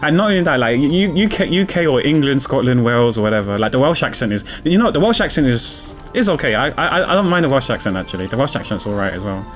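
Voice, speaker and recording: A man's voice: medium pitch, very animated, quick pace, few pauses, soft background music. A man streaming a game, chatting casually in a rambling way, repeating his words and chuckling. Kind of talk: casual gameplay commentary.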